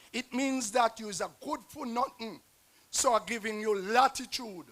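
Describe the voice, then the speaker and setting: On an outdoor festival-square stage, a guest poet with a Nevisian Creole accent and a very high voice recites a rhyming dialect poem. His delivery is rhythmic, and his loudness swings dramatically.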